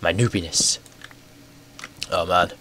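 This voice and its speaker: Hoarse young man with a cold. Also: deep voice, slow. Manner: rambling, self-mocking, easily excited. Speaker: gaming video host. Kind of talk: casual Minecraft commentary. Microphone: headset.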